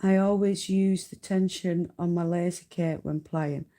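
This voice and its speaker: Slow-talking Yorkshire woman, homely and chatty. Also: on the low side, steady tone, dark tone. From North Yorkshire, England. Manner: chatty, laughs often, homely turns of phrase. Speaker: host of a live spinning stream. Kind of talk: casual live-stream tutorial chat.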